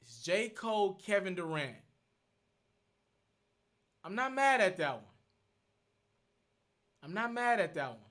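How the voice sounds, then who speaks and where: A man hosting a live stream, thinking out loud as he works through viewer questions. His voice sits high and sounds bright and forward. He restates his points as he goes and stays earnest. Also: animated, slow, pauses often. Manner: thinks aloud, repeats himself, earnest. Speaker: host.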